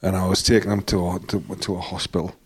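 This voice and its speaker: A man's voice: sits low, level tone, fast, husky. A man, telling rambling stories in casual podcast chat and swearing freely. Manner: rambling storytelling, swears a lot, acts out quoted people. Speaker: podcast co-host, former taxi driver.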